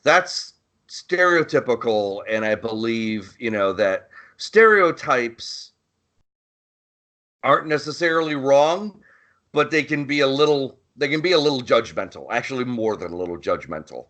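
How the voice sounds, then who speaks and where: A man's voice: mid-range voice, animated, unhurried, fairly bright tone. Rambling, profane male podcast co-host. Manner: rambling, profane, searches for words. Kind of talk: casual chat.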